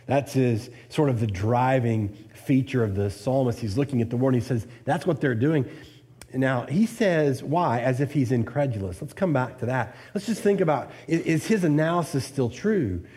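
With a warm tone and expressive delivery at normal speed, a man works through an expository sermon. He asks rhetorical questions and lifts his pitch on points of emphasis.

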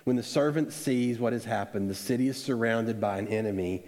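A man preaching a sermon in a conversational, animated storytelling way, acting out quotes. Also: medium pitch, a little fast, hardly any pauses. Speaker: pastor. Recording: echoey hall with long reverb.

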